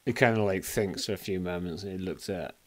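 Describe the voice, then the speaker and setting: Low-voiced hesitant male game master. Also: brisk, darkish tone. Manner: hesitant, many "kind of, like" fillers. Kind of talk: narrating a tabletop game.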